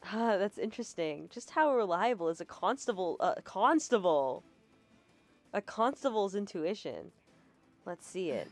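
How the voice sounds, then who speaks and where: A woman's voice: medium pitch, big pitch swings, a little slow. A woman streamer casually live-translating a game, with chatty, laughing asides. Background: game music.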